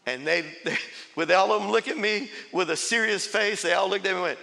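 A man preaches his testimony to a congregation, breaking into laughter and acting out voices as he goes. His voice sits a little high, with a bright, gravelly edge. It carries through the long reverb of a big church sanctuary. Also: a little fast. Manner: storytelling with laughs and acted quotes. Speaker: pastor. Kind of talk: sermon testimony.

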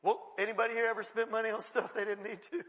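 A man pastor preaching a lively sermon, acting out Bible figures in quick asides, chuckling often. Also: high voice, long reverb tail, rough recording. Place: church sanctuary.

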